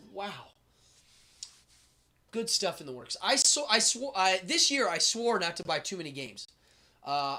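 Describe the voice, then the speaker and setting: A man's voice: a little high, pushed and bright. A middle-aged man hosting a live stream, chatting casually and enthusiastically, rambling as he reacts to viewers' comments. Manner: enthusiastic, rambling, reads chat aloud. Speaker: host.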